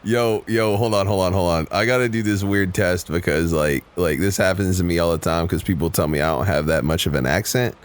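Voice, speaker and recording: A man with a very deep voice co-hosts a podcast. He jokes around in an easy, laid-back way. He grew up in South Carolina. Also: a little fast, hardly any pauses. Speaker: podcast co-host. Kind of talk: casual podcast chat.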